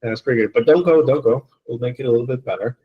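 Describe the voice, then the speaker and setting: A man's voice: medium pitch, rapid-fire, husky, narrow, tinny audio. A man teaching an online English class, playful and encouraging, joking with his students.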